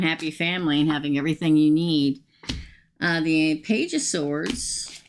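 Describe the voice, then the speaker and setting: A woman's voice: deep voice, normal speed, slight background noise. A woman reads tarot cards live for her viewers. She talks in a loose, chatty way, muttering to herself as she pulls cards and calling out names in the queue. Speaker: tarot reader. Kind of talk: live-stream tarot reading.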